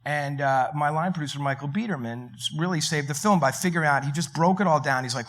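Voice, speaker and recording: A man on a film panel, telling lively anecdotes with quick asides and laughs. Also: fairly high pitch. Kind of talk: panel discussion storytelling.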